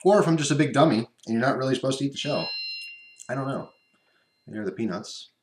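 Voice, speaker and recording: In an echoey room at home by his computer, a vlogger tastes snacks in a casual unboxing video. His mid-range voice is lively and quick, and he's chatty and rambling, talking while he chews over background noise.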